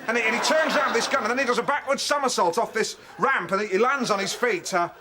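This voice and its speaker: A giddy, animated comic figure, played by a man, tears through a spy film scene by scene, jumping into little put-on voices. His voice sits very high. The played clip carries heavy, loud noise underneath. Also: fast. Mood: gleeful. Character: excitable man gleefully retelling a spy film.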